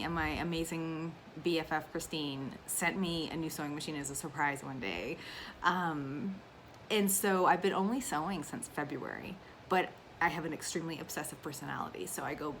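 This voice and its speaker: A woman's voice: deep voice, brisk, a bit bright, a little hiss or hum. Chatty, emotional woman vlogger. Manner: chatty and emotional, with frequent fillers. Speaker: cross-stitch vlogger. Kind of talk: casual chat to camera.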